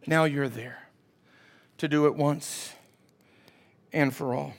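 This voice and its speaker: A pastor delivers his sermon in a notably high voice, taking his time over each phrase. He preaches emphatically, building repeated lines and calling on the congregation to answer him. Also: steady tone, slow, gravelly.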